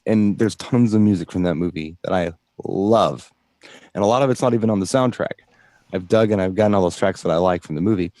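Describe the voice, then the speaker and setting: A man's voice: deep voice, fairly quick, warm tone, no echo. A man co-hosting a DJ show in casual chat, explaining things at length with enthusiasm. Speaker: DJ co-host.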